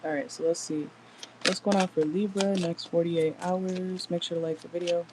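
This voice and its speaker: A woman's voice: lowish voice, fairly even intonation, moderate pace, background noise. A woman doing a casual tarot reading in a car, chatty and blunt, swearing freely as she talks to viewers. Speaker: tarot reader.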